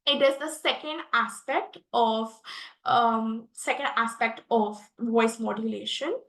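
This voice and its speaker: High-voiced young woman with an Indian accent. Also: slow, fairly bright tone, reverberant, poor audio. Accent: Indian English. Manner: earnest, many fillers and restarts. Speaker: guest expert speaker. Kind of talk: online lesson on public speaking.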